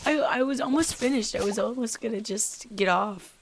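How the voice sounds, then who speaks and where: A woman hosting a casual let's play, chatting excitedly and sometimes dropping into whispers as she plays. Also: fairly high pitch, normal speed, slight background noise. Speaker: gaming channel host.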